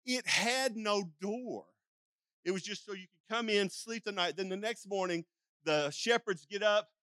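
A man's voice: high voice, measured pace, sharp tone, dry recording. An older man preaching a sermon in a folksy, rambling storytelling way, acting out calls and sheep sounds with frequent restarts and asides. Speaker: pastor.

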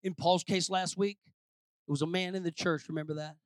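A pastor preaching a sermon, swinging between shouted declarations and low, quiet asides. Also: male voice, steady tone, fairly quick, no room sound, clean studio sound.

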